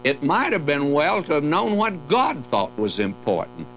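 Lively older man teaching the Bible. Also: on the high side, normal speed, lo-fi sound, slight background noise. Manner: folksy, emphatic, rising on key words.

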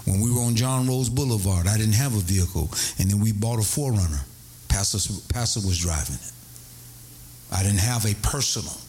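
A middle-aged man, a pastor telling a story in a sermon, animated and prone to high excited cries. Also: brisk.

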